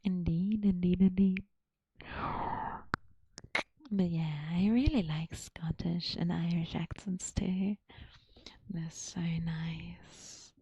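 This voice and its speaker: A woman chatting with viewers in a soft, breathy ASMR whisper. She talks slowly and murmurs, often repeating her phrases. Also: lowish voice, fairly even intonation, background noise. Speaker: ASMR streamer. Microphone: close mic.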